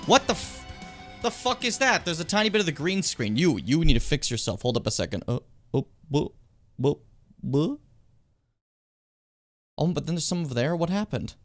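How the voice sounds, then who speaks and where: A man's voice: a little high, very animated, normal speed, pauses often, soft background music. A young man hosting his own gaming stream from home, chatting casually with swearing and self-mocking asides. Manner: rambling, self-mocking, frequent swearing and fillers.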